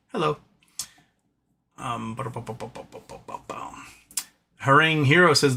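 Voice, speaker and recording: A man's voice: a little high, pushed and bright. A man hosting a livestream, ranting casually about politics, reading viewer chat aloud and talking to his pet between comments. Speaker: livestream host.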